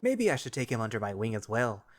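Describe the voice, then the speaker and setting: A man's voice: medium pitch, big pitch swings, quick pace. A man voicing a jovial older male wolf baker with a folksy, teasing manner.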